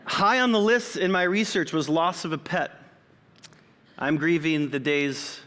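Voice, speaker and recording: Preaching in a church auditorium whose long reverb carries every word, this man in his forties keeps his sermon conversational and sprinkled with personal remarks. His voice is a little high and fairly bright, and he speaks a bit slowly.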